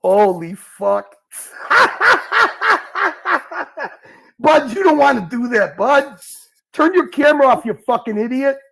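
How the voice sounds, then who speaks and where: A man's voice: very high-pitched, normal speed, gravelly, rough recording. A man hosting a livestream, taunting and mocking a caller in a heated argument, calling him "bud" over and over. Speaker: livestream host. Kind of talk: heated live-stream argument.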